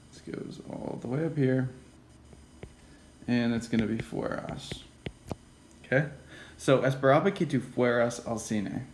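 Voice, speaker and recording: A man giving a casual classroom lecture, often checking in with "okay?" and "right?" and dropping into quiet whispered asides. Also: medium pitch, creaky, a little hiss or hum, poor audio. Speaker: teacher.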